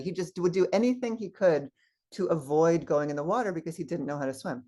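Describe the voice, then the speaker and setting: A woman's voice: low voice, quick pace. Woman minister telling stories in a sermon. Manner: animated storyteller acting out quoted voices. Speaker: guest minister. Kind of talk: sermon with storytelling.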